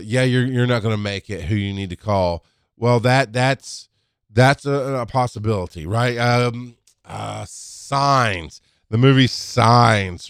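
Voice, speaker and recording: A man's voice: medium pitch, a bit bright, smooth, dry recording, clean studio sound. A man who works as a paramedic talks candidly in a rambling, casual monologue, full of restarts and asides.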